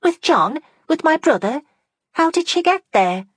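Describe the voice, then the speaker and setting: A woman voicing a shrill, impatient young gentlewoman. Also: big pitch swings, no echo, clean studio sound. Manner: quick, petulant, shrill questioning. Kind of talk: audiobook character voice.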